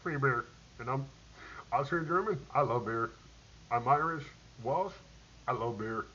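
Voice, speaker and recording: A middle-aged man, a military veteran, telling war stories in a casual, animated way, laughing often and acting out the people he quotes. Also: medium pitch, a little slow. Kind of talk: casual spoken storytelling. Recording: dull lo-fi recording with faint hiss.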